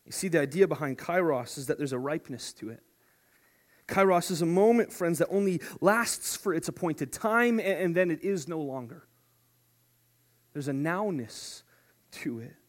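High-voiced animated male preacher. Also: moderate pace. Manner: animated, playful, swings from hushed to shouting. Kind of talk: sermon.

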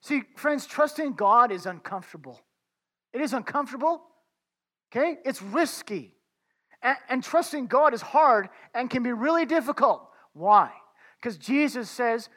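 A man's voice: extremely high pitch, expressive, a little slow, pushed and bright. A man preaching a conversational sermon, talking informally to his listeners as friends and often restarting his words.

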